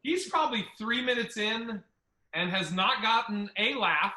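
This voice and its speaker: A man hosting a podcast, a stand-up comedian telling stories in a casual, profane and animated way. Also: high voice, unhurried. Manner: profane, animated, acts out other people's lines. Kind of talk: casual storytelling chat. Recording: roomy echo.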